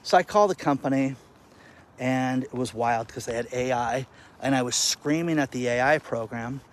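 A man's voice: mid-range voice, normal speed. A man ranting outdoors in the wind. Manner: animated, exasperated storytelling. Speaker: content creator. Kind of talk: casual vlog rant.

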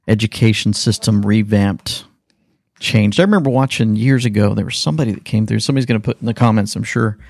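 A man hosting political commentary in an animated, sarcastic manner, reacting to clips. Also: medium pitch, creaky, no room sound, studio quality. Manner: animated, sarcastic, jumps between clips and remarks. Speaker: commentary host.

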